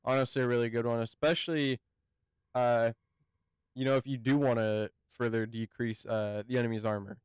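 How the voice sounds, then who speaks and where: Male game reviewer, mid-pitched, very smooth and resonant tone, hesitant and halting delivery, close dry mic. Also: fairly even intonation, no room sound. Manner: hesitant, halting, often searching for words. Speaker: gaming channel host. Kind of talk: casual game review talk.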